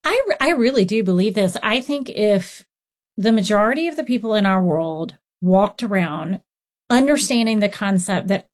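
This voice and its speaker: A woman who writes on parenting and counsels children, speaking expressively in a conversational interview. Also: normal speed. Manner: expressive, acts out children's voices with big pitch swings.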